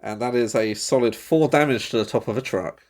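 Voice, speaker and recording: A man's voice: mid-range voice, a little fast. A man, a player in a tabletop game, with a dry, upbeat manner.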